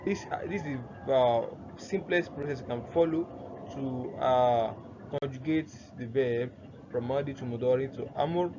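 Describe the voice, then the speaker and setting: A man teaches grammar in an explanatory lesson, repeatedly posing "what?" questions, answering them himself, and repeating the key terms. His mid-range voice moves at a measured pace, captured in a dull lo-fi recording with faint noise.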